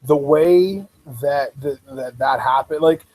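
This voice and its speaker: A man co-hosting a casual wrestling review chat, relaxed and thoughtful with a few restarts. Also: a little high, slow pace, rough recording. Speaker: co-host reviewing wrestling episodes.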